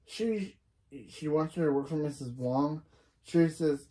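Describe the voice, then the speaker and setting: A warm, medium-pitched voice moves at a measured pace as a reaction reviewer walks through a TV episode one scene at a time. The retelling is casual and line by line, full of self-corrections, restarts, and opinionated asides.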